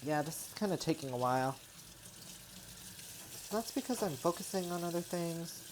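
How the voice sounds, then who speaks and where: A woman in her twenties talks casually into her own microphone as she cleans up her kitchen. Her voice sits low, and she rambles along with plenty of filler words. Faint running water and kitchen sounds murmur in the background. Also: animated, moderate pace, slight background noise, poor audio. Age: 20s. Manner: rambling, chatty, many "like" and "you know" fillers. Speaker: vlogger. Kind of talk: casual chat while doing chores. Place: home kitchen. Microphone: own microphone near the sink.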